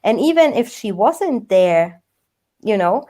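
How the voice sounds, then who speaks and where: A middle-aged woman with a dark, mellow voice, talking through a true crime case. She speaks haltingly, stumbling over and repeating words. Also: mid-range voice, sing-song. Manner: halting, repeats words, many "you know"s. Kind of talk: casual chat.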